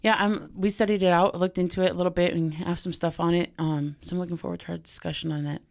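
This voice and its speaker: Female podcast co-host, lower register, mild post-bronchitis roughness, chatty and easygoing. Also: fairly even intonation, quick pace. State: recovering from bronchitis, slightly off voice. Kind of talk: casual faith podcast chat.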